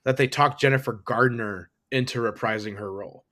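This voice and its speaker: A man's voice: mid-range voice, fairly quick. A man co-hosting a podcast, chatting casually about movies and laughing as he retells jokes. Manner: animated, laughs at own quotes. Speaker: podcast co-host. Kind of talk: casual chat.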